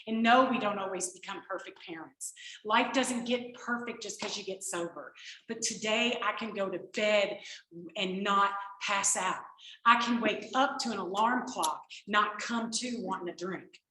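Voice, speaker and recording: In an echoey meeting room, a woman with a mid-range voice and an unhurried pace gives her recovery testimony to a group. Her storytelling is animated, and she performs the exchanges she quotes.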